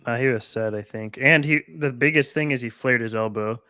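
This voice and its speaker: A man co-hosting a casual basketball chat, laid-back and quick to laugh, breaking down plays like an analyst. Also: medium pitch, bright, forceful tone, clean tone, dry recording, clean studio sound. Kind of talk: casual live game chat.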